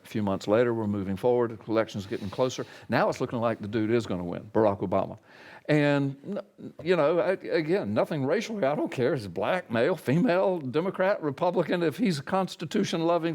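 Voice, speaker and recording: A man's voice: medium pitch, a little mellow. Emphatic male pastor telling a story. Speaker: pastor and radio talk guest. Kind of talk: interview storytelling.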